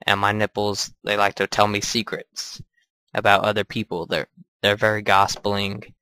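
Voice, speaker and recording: A man's voice: lowish voice, completely flat delivery, moderate pace, sharp tone, smooth, dry recording. A man voicing a boastful, crude male pirate captain in silly mock pirate talk.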